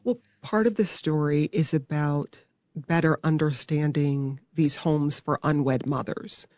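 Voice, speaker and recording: Measured public radio host, dry studio sound. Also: medium pitch, a little mellow, no room sound. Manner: measured, clear, inviting questions. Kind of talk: public radio interview hosting.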